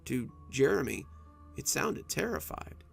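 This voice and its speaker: Gravelly man narrating a spooky story. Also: mid-range voice, big pitch swings, unhurried. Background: faint music.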